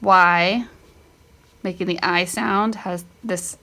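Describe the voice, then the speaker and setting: A woman's voice: lowish voice, steady tone, slow pace, sharp tone. A middle-aged woman walking through a homeschool spelling lesson, thinking aloud and correcting herself as she goes. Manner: thinking aloud, self-correcting, chatty asides. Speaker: homeschool teacher. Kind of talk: casual spelling lesson walkthrough.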